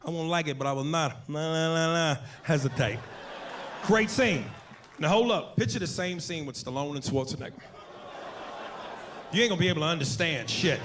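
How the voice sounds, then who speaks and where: A male stand-up comedian telling loud, animated jokes on a club stage into a handheld mic, with a noisy live recording. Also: fairly high pitch, normal speed, pauses often. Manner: loud, animated, shouting punchlines.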